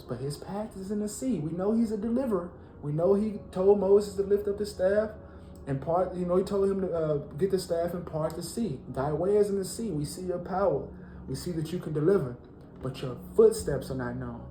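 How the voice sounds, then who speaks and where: A man teaching a Bible lesson, reading verses slowly and then preaching with rising fervor. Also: sits high, dark tone, echoey room, slight background noise, rough recording.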